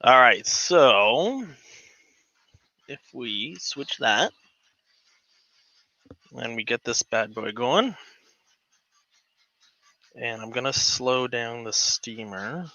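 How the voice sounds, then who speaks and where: A man hosting a casual home livestream, chatting and rambling with lots of fillers, excited and a bit giddy. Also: mid-range voice, very slow, long pauses, no room sound. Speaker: livestream host. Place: home model railroad room.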